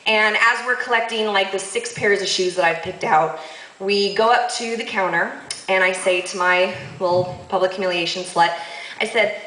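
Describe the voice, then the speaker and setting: A woman telling a comic story on stage to a live audience, sassy and quick to laugh, with lively asides. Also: medium pitch, roomy sound, a little hiss or hum, poor audio.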